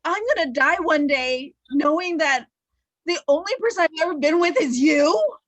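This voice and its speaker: A woman's voice: high-pitched, animated, normal speed, fairly bright tone. A woman improvising a restless young woman who is blunt and exasperated with her fiancé, on a video call. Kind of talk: improv scene.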